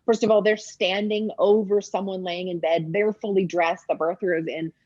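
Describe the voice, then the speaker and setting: A woman midwife commenting on a birth video, talking enthusiastically and explaining with many pauses and ums. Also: mid-range voice, fairly even intonation, a little mellow, no room sound, highs cut off.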